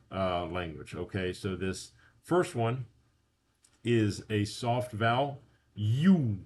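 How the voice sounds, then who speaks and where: A man with a fairly low voice talks through a beginner lesson. He takes his time, drawing words out and pausing with fillers as he explains each point step by step. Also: a little mellow, slight background noise. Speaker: language teacher. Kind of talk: casual spoken lesson.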